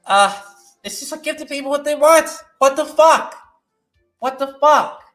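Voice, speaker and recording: A man hosting a movie news vlog, ranting with lots of swearing and swinging from shouting to muttering. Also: very high voice, measured pace, reverberant, faint music behind. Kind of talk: animated solo movie-news rant.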